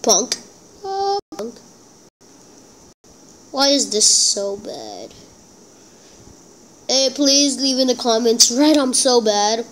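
A woman with a high voice narrates her gameplay in slow, drawn-out phrases. She is excitable and self-deprecating, talking straight to her viewers as she plays. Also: rough recording. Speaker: gameplay channel host. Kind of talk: casual gameplay commentary.

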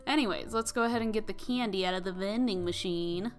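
Young woman, let's-play host, rambling casual commentary, mid pitch, soft music behind. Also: quick pace. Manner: chatty, rambling, giggly asides. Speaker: gaming channel host.

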